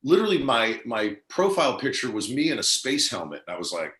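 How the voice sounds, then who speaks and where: A man's voice: mid-range voice, sing-song, fast talker, a bit bright. A middle-aged man from New Jersey, a guest on an interview show, telling a long rambling story and acting out the quoted lines.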